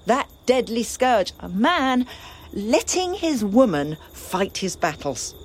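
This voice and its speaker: A woman playing a grieving, defiant young princess in a classical drama, with a breathy voice and impassioned lament. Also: on the high side, very animated, slight background noise. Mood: bitter. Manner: impassioned lament, slow and swinging.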